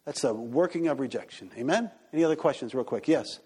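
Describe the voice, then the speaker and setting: A man pastor teaching a church group and taking questions, animated and acting out quoted voices. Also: a little high, fast, hardly any pauses, husky. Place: church hall. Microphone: handheld microphone. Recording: reverberant hall.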